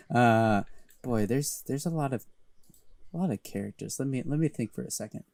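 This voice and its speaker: A man's voice: mid-range voice, animated, normal speed, gravelly, a little mellow, slight background noise. A young man co-hosting a podcast, chatting casually and rambling with lots of fillers and restarts. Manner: rambling, heavy use of fillers. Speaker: podcast co-host. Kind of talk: casual chat.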